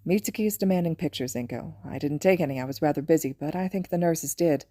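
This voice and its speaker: A soft-spoken young father , voiced by a woman reading a podfic, pausing and halting as he speaks with quiet affection. The voice sits low and mellow. The recording is close and dry. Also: dry recording. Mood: tender. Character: tender, gentle young father.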